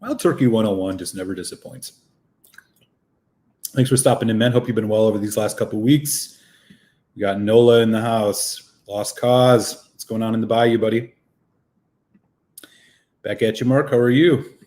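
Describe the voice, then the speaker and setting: Breathless casual live-stream whisky host. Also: male voice, lowish voice, steady tone, moderate pace, pauses often, darkish tone. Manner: chatty, greets viewers by name and reads out chat. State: slightly out of breath after a run.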